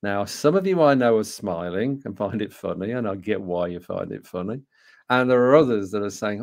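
A man in his sixties from England with a Birmingham accent, telling a personal story to an audience, full of rhetorical questions and halting restarts. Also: lowish voice, expressive, gravelly, a little mellow. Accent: Birmingham English. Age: 60s. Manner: anecdotal, rhetorical questions, frequent hesitations and restarts. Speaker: speaker and co-author.

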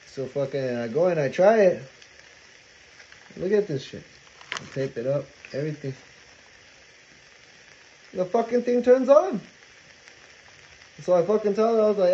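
A man with a somewhat high but mellow voice tells a story in a loose, animated and profane way, dropping Spanish phrases as he cooks. The recording sounds a little dull, with faint kitchen noise and food sizzling behind him. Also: moderate pace, long pauses. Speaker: cooking vlogger. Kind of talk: casual storytelling while cooking. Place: home kitchen. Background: frying and sizzling food.

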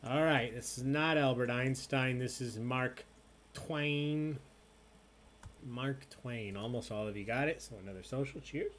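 A man's voice: medium pitch, measured pace, fairly bright tone, slight background noise. A man hosting an online trivia night, reading questions and joking with the players in a casual, chatty way. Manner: joking, chatty, drinking as he hosts. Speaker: trivia host.

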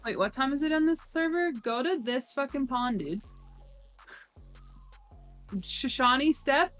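A woman's voice: sits high, animated, measured pace, a bit bright, faint music behind. A woman streaming a game with friends, chatting loosely, swearing freely and reading out chat messages. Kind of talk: casual gaming stream chat.

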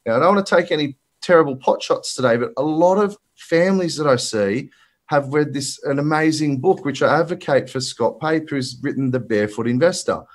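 A man's voice: fairly high pitch, fairly quick. An Australian man presenting as a finance broker at a virtual summit, talking bluntly and emphatically with colloquial asides, slightly out of breath. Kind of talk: energetic presentation talk. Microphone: presenter mic for a live virtual summit.

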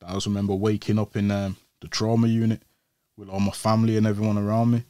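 Young man, guest on a podcast, animated retelling with put-on voices, dry room. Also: on the low side, fast, dry recording. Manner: animated, acts out quoted voices. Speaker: interview guest. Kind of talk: casual storytelling.

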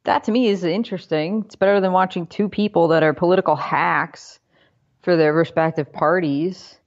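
A woman's voice: fairly low pitch, steady tone, normal speed, lo-fi sound. A woman co-hosting a podcast, chatting casually and wryly about politics with sarcastic asides. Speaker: podcast co-host.

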